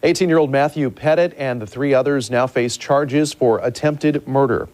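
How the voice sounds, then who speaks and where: A male news anchor reading scripted news stories in a steady, measured way. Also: mid-range voice.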